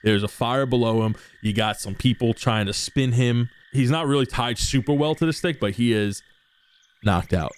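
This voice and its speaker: A man's voice: mid-range voice, moderate pace, smooth. A young man narrating as game master, casual and swearing, with lots of fillers.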